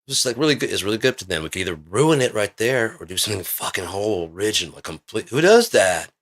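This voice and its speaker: A man with a very low voice and a forceful, tense edge talks in a loose, rambling vlog monologue. He swears freely and builds excitement as he spins out one idea after another. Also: quick pace. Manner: rambling, profane, excitable storytelling. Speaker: vlogger.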